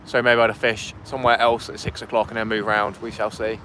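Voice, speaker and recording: A man's voice: on the low side, little pitch movement, fairly quick, pushed and bright, a little hiss or hum. A man hosting a fishing livestream in casual chat, talking to viewers outdoors on a phone. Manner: chatty, reads out chat and thanks donors. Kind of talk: casual live-stream chat. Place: outdoors by the sea wall. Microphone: phone streaming vertically.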